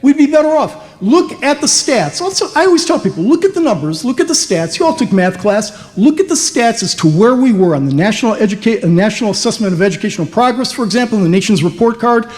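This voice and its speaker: A man's voice: sits high, animated, fast, hardly any pauses, darkish tone. A man answering on a town hall panel, pointed and full of rhetorical questions. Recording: echoey hall.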